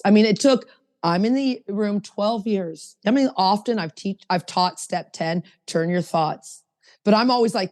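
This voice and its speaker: A woman's voice: on the low side, normal speed, darkish tone, big-room sound. A woman hosting a recovery podcast, speaking emphatically and reading passages aloud from a book. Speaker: podcast host.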